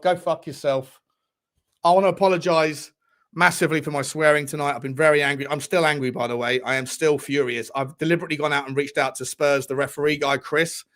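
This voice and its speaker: Host: man, high voice, live match reactions with lots of shouting and swearing. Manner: excitable, shouts at players, swears a lot. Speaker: football watchalong host. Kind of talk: live football watchalong commentary.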